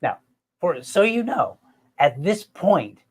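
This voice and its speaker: A middle-aged man hosting a podcast, telling a family story in an animated, self-mocking way and talking straight to his listeners. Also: sits high, slow, husky. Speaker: podcast host. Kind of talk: casual storytelling chat.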